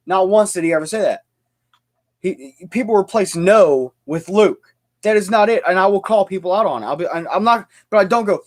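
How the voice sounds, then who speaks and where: A young American man hosts a livestream, ranting in a fired-up way with plenty of repetition and stumbling restarts. His voice is high and expressive, and he speaks fairly quickly.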